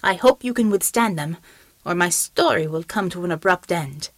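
Lady doing a stern guy, formal and grave, low-ish. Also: lively intonation, normal speed, no room sound. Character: stern German man with superhuman reflexes.

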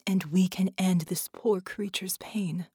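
A woman voicing a gentle, steady heroine who speaks softly, almost in a whisper. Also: lowish voice, moderate pace, husky, dry recording, studio quality. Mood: tender.

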